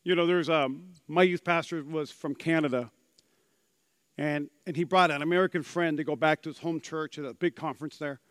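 High-voiced animated male preacher. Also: normal speed, no room sound, clean studio sound. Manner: animated preaching, acts out quotes with big swings in pitch and loudness. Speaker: pastor. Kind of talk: sermon.

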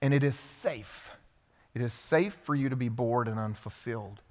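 A man's voice: medium pitch, normal speed. A man pastor preaching a sermon, telling a story and asking the congregation questions. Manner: storytelling with acted-out quotes, asks the congregation questions. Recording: preached in a hall with long reverb.

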